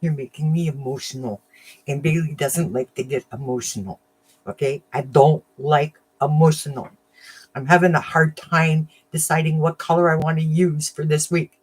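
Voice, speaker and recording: A woman's voice: sits low, fairly even intonation, normal speed, darkish tone, breathy edge. Chatty, emotional woman livestreaming. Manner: emotional, chatty, laughs often. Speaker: livestream host of a crafting channel. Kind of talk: casual livestream chat with viewers.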